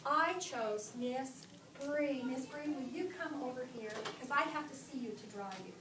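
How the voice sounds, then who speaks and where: Woman teacher, high voice, sing-song and animated with little kids, slow modeled reading; echoey classroom caught from a distant camera with background noise. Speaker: kindergarten teacher. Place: classroom, indoors.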